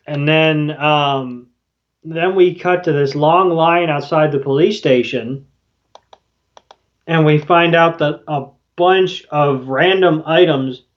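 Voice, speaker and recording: Guy on a podcast with a kinda high voice, casual recap, dull lo-fi sound. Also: takes it slowly. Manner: loose and swearing, quoting characters in passing. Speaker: podcast co-host. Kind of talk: casual episode recap chat. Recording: dull lo-fi audio.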